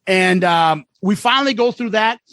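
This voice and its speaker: A man co-hosting a podcast, telling travel stories in a casual, profane, animated way. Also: high voice, normal speed, dry recording. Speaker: podcast co-host. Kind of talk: casual chat.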